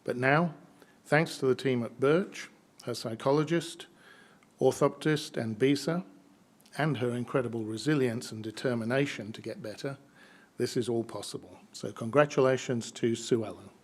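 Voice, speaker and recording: Husky man presenting an award. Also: medium pitch, normal speed. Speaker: event presenter.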